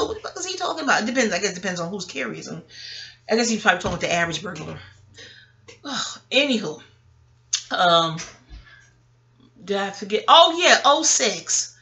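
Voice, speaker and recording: A woman, telling a personal story to her viewers in a casual, profane and animated monologue. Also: mid-range voice, brisk, gravelly, pauses often. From New York. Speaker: vlogger.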